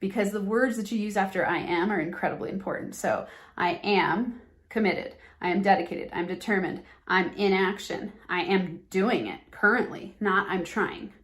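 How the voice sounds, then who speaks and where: A woman hosts a motivational podcast with an earnest, emphatic delivery. She acts out sample phrases in a lively way and leans on the words that matter. Her voice sits at an ordinary middle pitch for a woman. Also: moderate pace. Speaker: podcast host and business coach.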